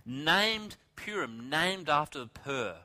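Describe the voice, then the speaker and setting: A middle-aged male preacher telling a Bible story with animated energy. His pitch sits somewhat high and swings widely. His tone is bright and forceful. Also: takes it slowly. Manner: animated, acts out characters' lines.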